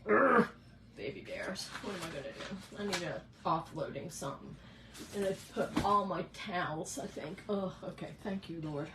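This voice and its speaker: A woman's voice: fairly low pitch, moderate pace, background noise. A middle-aged woman hosts a live craft painting demo from her home craft room. She chats with viewers by name and thinks aloud as she works. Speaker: craft host.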